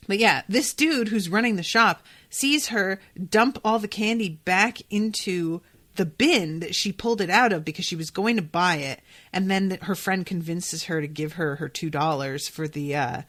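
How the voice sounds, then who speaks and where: A woman hosting a podcast, giving chatty, excitable reactions to a comedy episode and swearing freely. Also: on the low side. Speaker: podcast host. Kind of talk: casual episode reaction commentary.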